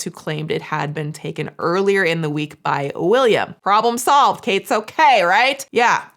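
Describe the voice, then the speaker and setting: A woman hosting a casual commentary video, sarcastic and animated, swearing now and then. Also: fairly low pitch. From United States. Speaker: commentary YouTuber host.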